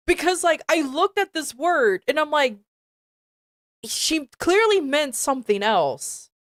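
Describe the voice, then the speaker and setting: A woman's voice: sits high, lively intonation, takes it slowly, no echo, clean studio sound. A woman streamer reading a fan fiction aloud with commentary, stumbling over words and sounding exasperated.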